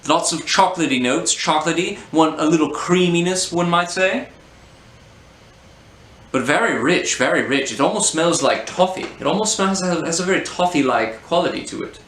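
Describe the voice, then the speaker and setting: A man's voice: fairly high pitch, animated, fairly bright tone, voice pushed up. A man putting on a hammy posh beer snob. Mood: playfully pompous. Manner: theatrical, savoring pauses. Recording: roomy echo, faint hum.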